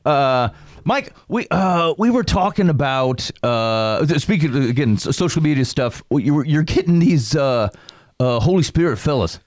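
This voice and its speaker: A man co-hosting a casual faith podcast, steering the talk with halting, short prompts. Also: a little high, lively intonation, no room sound, clean studio sound. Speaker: podcast co-host.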